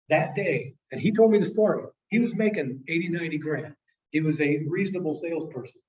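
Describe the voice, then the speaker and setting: A man telling a personal story to an audience in a presentation, halting and repeating words, acting out the people he quotes, emotional at times. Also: on the high side, a little hiss or hum. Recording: distant, dull lo-fi sound.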